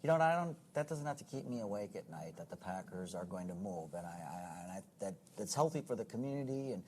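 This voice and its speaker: Halting low-voiced mayor in an interview. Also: male voice, lively intonation, a little mellow, slight background noise. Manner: halting, repeats words, proud and earnest. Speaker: city mayor. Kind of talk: conversational interview.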